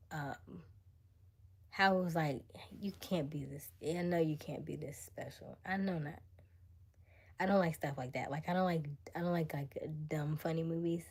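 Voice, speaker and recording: This is a young woman hosting a casual live stream into a phone or webcam, talking easily with her viewers. Her voice sits a touch low, and she laughs often. She slips into breathy, whispery asides between her chattier lines. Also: a little mellow. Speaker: livestream host.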